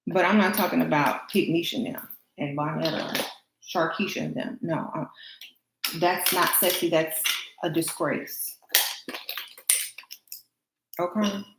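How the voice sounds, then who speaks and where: A woman's voice: fairly low pitch, steady tone, unhurried, gravelly, long pauses. A woman vlogger chatting casually with her stream chat while getting ready, laughing and answering comments. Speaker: beauty vlogger livestreaming to chat. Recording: roomy echo, faint noise.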